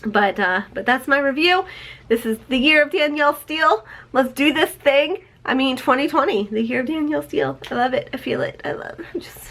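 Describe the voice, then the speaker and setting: A woman's voice: high-pitched, brisk, a bit bright. Gushing, emotional woman book vlogger. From United States. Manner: gushing, emotional, swearing, reading chapter notes aloud. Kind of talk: casual book review vlog.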